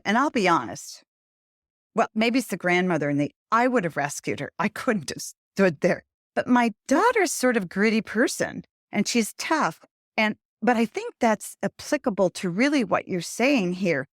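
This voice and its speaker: An older woman hosting a podcast interview, talking earnestly and adding lively emphasis when she gives advice. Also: mid-range voice, no room sound, studio quality. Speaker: podcast host. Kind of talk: conversational interview.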